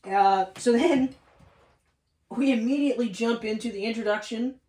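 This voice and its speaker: A woman's voice: fairly high pitch, normal speed. A woman co-hosting a casual movie podcast, swearing often and acting out scenes in quoted voices as she talks. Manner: excitable, profane, acts out scenes in quoted voices. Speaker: podcast co-host. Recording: roomy sound from a distant mic.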